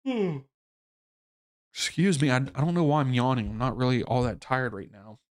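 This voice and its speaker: A man's voice: mid-range voice, expressive, fairly quick. A man hosting a live soccer watchalong stream, chatting casually and thinking aloud with fillers and restarts. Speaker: livestream watchalong host.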